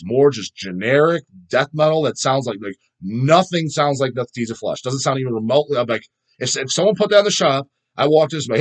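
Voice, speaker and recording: Man, casual podcast host, rapid talk, profane, rambling, trails off hunting for names. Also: medium pitch, lively intonation. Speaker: podcast host reading viewer comments. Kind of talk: casual chat.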